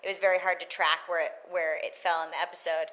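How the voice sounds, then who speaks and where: A woman's voice: fairly low pitch, fast, rough recording. A woman in her thirties, a voice actress chatting casually in an interview and acting out quoted lines. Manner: animated, acts out quoted lines. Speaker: voice actress guest.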